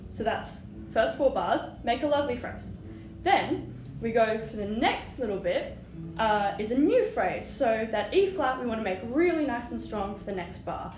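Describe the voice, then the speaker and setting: A woman's voice: a little high, lively intonation, normal speed, darkish tone, faint music behind. A woman teaching flute, patient and encouraging, singing rhythms aloud as she explains. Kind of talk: music lesson. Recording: echoey room with audible noise.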